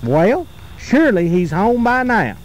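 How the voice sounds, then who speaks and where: A man voicing a young country girl in a campfire story, speaking in a high, sing-song, teasing voice. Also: sing-song, a little slow, poor audio.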